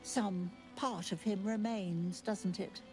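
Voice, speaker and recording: A woman's voice: mid-range voice, steady tone, slow, a little mellow, faint music behind, natural voice. Tara, a doting genteel cat voiced by a woman. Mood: fond. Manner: genteel, affectionate endearments. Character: prim talking female cat, fond and doting. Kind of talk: video game voice acting.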